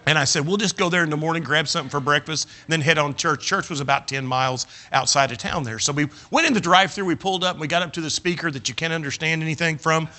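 Older preacher, folksy self-mocking storyteller, slightly high, sharp-toned voice. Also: male voice, fast, few pauses. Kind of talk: sermon with humorous personal anecdote.

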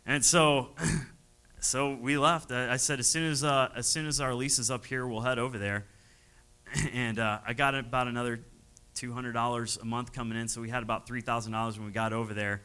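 A man's voice: mid-range voice, fairly even intonation, normal speed, bright, forceful tone, clean tone, low-quality recording. A man, a missionary pastor, telling his story from the pulpit, chuckling often and acting out the voices of people he quotes. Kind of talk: testimony from the pulpit.

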